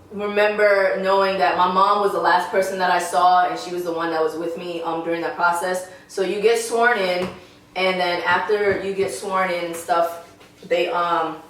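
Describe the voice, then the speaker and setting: A woman's voice: lowish voice, a bit bright, distant mic. Brief: easygoing young woman guest, slangy, off-mic in a very echoey room. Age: young adult. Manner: laid-back, slangy, laughs easily. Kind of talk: casual chat over food.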